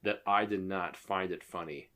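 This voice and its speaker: A man's voice: sits low, fairly even intonation, moderate pace, sharp tone. A man in his thirties co-hosting a podcast, telling a casual story and acting out the quotes. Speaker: podcast co-host. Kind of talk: casual movie-review chat.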